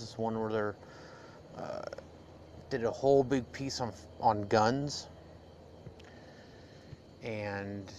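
A man's voice: medium pitch, a little hiss or hum. An American man hosting a casual solo podcast, rambling and digressive with frequent fillers. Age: adult. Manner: rambling, digressive, with many "uh"s and restarts. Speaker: podcast host.

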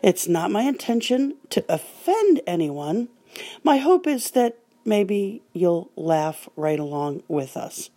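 A woman's voice: medium pitch, big pitch swings, slow, mellow. An older woman hosting a podcast, telling stories in a casual, wry and dryly humorous way. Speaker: podcast host.

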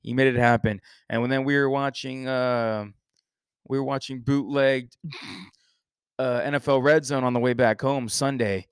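Guy hosting a sports podcast, jokey rambling banter, mid pitch, dry sound. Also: steady tone, measured pace, clear, resonant tone, dry recording. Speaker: podcast host. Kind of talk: casual sports chat. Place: Texas.

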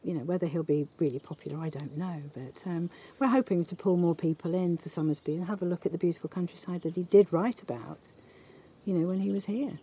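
A woman's voice: on the low side, fast, dark tone, husky. A local woman being interviewed, agreeable and eager about her village. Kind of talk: conversational interview.

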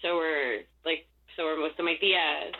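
A woman's voice: low voice, steady tone, normal speed. A young woman from Southern California, the guest in a casual interview, rambling, swearing and laughing often. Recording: tinny phone-like line.

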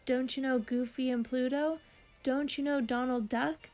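A cocky, excitable cartoon duck, voiced by a woman storyteller, blurting out loud, raised questions. The voice sits higher than her own. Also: measured pace, soft background music. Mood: excited. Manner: loud exclamations.

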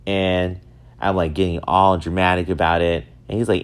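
A man in his thirties from upstate New York, telling self-mocking stories in a casual, animated way. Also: a little slow, pauses often. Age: 30s. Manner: animated, self-mocking, swings up high for acted quotes. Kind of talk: casual storytelling monologue.

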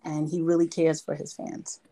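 Excited woman from Brooklyn telling a story. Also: low voice, normal speed, heavy background noise. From Brooklyn, New York. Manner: excited, emphatic retelling with repetitions. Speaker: interview guest. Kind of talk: casual storytelling.

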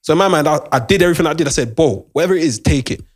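A young man tells a story in a relaxed chat, talking fast and throwing in a lot of slang. His voice is husky. His delivery is animated, and he keeps checking that his listeners follow along. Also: fairly high pitch. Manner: animated, repeats "do you understand", London slang.

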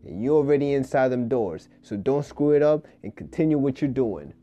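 A man's voice: medium pitch, lively intonation, normal speed, mellow, highs cut off, soft background music. A man hosting his first solo podcast, talking loosely in a rambling street style full of fillers, recorded on a phone app. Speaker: podcast host. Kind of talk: casual solo podcast monologue. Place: New York City.

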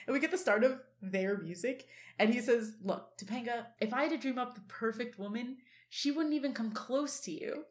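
A woman co-hosting a casual podcast, recapping an episode scene by scene and quoting the lines with lots of laughter. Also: on the high side. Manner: animated retelling, quotes scenes, laughs often. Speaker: podcast co-host.

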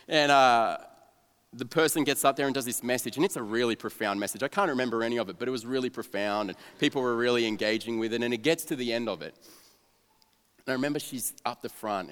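A man's voice: medium pitch, fairly quick, clean tone. Self-mocking young man in a hall. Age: young adult. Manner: self-mocking, animated, drops to a flat mumble for cynical asides. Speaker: youth pastor telling his testimony. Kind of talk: storytelling talk to an audience. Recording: long reverb of a large hall.

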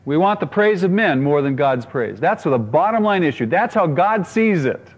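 A man preaching a sermon in an earnest, emphatic way, and his voice sits a little higher than most men's. He keeps circling back over his own phrases to drive a point home. A long reverb trails behind him, as in a church hall. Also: sing-song, normal speed, husky, lo-fi sound. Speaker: pastor.

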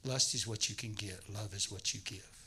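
Bright-voiced, animated male preacher. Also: lowish voice, normal speed, slight background noise, rough recording. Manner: animated storytelling, acting out voices. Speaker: guest preacher. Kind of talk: sermon.

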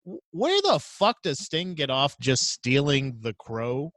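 A man's voice: mid-range voice, slow pace, dry recording. A man co-hosting a podcast, telling rambling, profane stories in casual chat. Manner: rambling, profane, animated storytelling. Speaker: podcast co-host.

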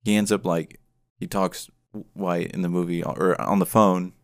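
A man's voice: low voice, flat delivery, measured pace, no echo, clean studio sound. A man co-hosting a podcast, retelling a story in a rambling, hedging way. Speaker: podcast co-host. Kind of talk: casual chat.

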